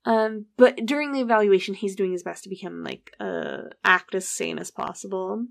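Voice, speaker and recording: Podcast host, female, gravelly fry, chatty true-crime storyteller. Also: medium pitch, moderate pace. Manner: chatty, recounts events with frequent "like" and quoted dialogue.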